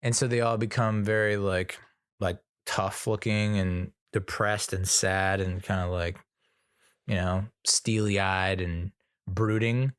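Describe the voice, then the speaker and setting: A young man hosts a casual solo movie review podcast, rambling through scenes and acting out quotes while laughing at his own stumbles. His voice is low and level, his pace slow and smooth. The recording is dry and studio quality.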